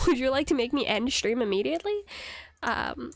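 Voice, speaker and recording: A woman's voice: sits high, very animated, slow, long pauses, dry recording, clean studio sound. A young woman streaming a game, chatting casually, rambling and giggling as she answers her chat. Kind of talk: casual live-stream chat while gaming. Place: home computer setup.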